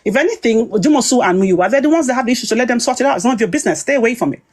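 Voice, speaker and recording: A woman's voice: fairly high pitch, rapid-fire, poor audio. British woman telling a heated story. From Britain. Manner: animated storytelling, quoting herself and others, frequent restarts. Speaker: guest recounting a dispute. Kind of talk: casual spoken account.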